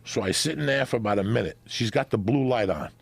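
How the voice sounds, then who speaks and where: A man telling a profane, animated story in a podcast chat. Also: mid-range voice, fast talker, vocal fry, slightly rough. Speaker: comedian guest.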